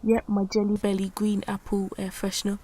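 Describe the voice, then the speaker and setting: A young woman, chatting excitedly in a casual vlog with lots of fillers and a soft, half-whispered morning voice. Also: medium pitch, fairly quick, slightly rough. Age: young adult. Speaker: vlogger.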